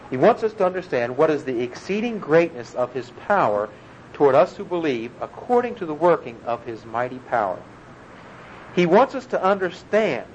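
A man preaching an earnest, emphatic sermon, explaining a scripture passage verse by verse. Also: fairly high pitch. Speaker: pastor. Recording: dull lo-fi recording with faint room noise.

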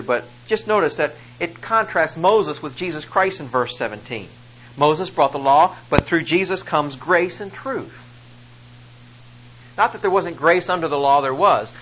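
A man's voice: fairly high pitch, a bit bright, rough recording. A man preaching a sermon, reading scripture and explaining it with rising emphasis on key phrases. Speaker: pastor.

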